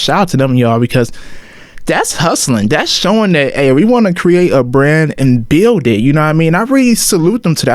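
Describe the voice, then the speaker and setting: A man's voice: fairly high pitch, no room sound. A man in his twenties talking casually on his solo podcast, loose and slangy, often calling out to listeners as y'all. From Ohio. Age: 20s. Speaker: podcast host.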